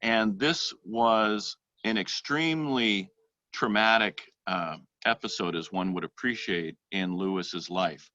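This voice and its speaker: A man giving a church education talk on literature, speaking thoughtfully with frequent pauses and reading passages aloud. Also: on the low side, bright, forceful tone, no echo, dull audio.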